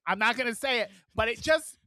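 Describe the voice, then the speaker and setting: A man's voice: very high-pitched, fairly quick, sharp tone, no echo. A man co-hosting a casual podcast, chatting loosely and swearing freely as he recaps a show. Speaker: podcast co-host. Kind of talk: casual chat.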